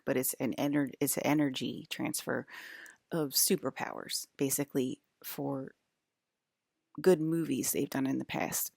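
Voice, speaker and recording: A woman's voice: low-pitched, gravelly, no room sound, clean studio sound. A woman rambling to her viewers in a loose monologue, full of restarts and sudden topic drifts. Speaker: broadcaster.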